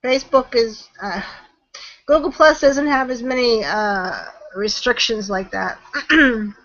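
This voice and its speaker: A high, bright woman's voice that talks at an unhurried pace. She answers questions chattily, laughs easily and often trails off mid-sentence. The sound is the slightly muffled audio of a video call. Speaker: guest marketing trainer. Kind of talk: webinar Q&A chat.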